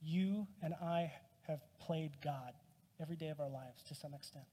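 A man's voice: fairly high pitch, normal speed, warm tone. A man preaching a sermon as a pastor, in a conversational, self-deprecating way with touches of humor. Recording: long reverb from a hall.

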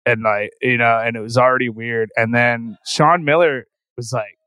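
A man's voice: mid-range voice, fairly even intonation, normal speed, sharp tone, dry recording, low-quality recording. A man guest on a podcast, telling tour stories in a rambling, profane way and saying "like" constantly. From Philadelphia. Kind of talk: casual storytelling.

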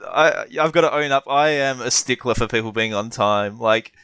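A man's voice: medium pitch, normal speed, pushed and bright, clean tone, no echo. A man co-hosting a podcast in a casual, reflective chat, rambling a little and restarting his sentences. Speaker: podcast co-host.

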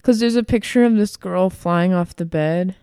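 A woman chatting casually as a podcast co-host, retelling things in an animated way with lots of fillers. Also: fairly low pitch, moderate pace, smooth, no room sound, clean studio sound. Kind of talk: casual chat.

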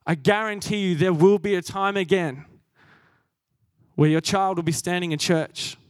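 A man's voice: high voice, fairly even intonation, normal speed, clean tone, dry recording, studio quality. A young man preaching a sermon, earnest and self-deprecating, laughing at himself as he goes.

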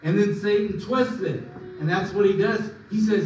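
A man preaching a sermon as pastor, emphatic, swinging between loud and soft. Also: normal speed, a little hiss or hum. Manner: emphatic preaching with sudden swings in pitch and volume. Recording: echoey room, mic at a distance.

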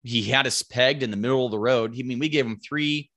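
Man, casual storyteller, bright forceful voice, acts out quotes loudly. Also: mid-range voice, fast. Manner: animated, acts out quotes with loud raised voice, swears casually. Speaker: guest telling a hunting story.

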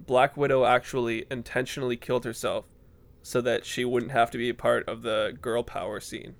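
A man's voice: medium pitch, little pitch movement, normal speed, creaky. A young man co-hosting a casual podcast, talking hesitantly with frequent fillers as he works through an idea. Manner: hesitant, many fillers and restarts. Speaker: podcast co-host. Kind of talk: casual chat.

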